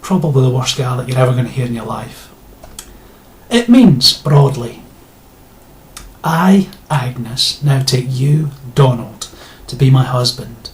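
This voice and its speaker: A man's voice: medium pitch, lively intonation, measured pace, long pauses. A man delivering a sarcastic, indignant rant to his viewers, blunt and given to swearing. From Scotland. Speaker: video blogger. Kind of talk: ranting monologue to camera.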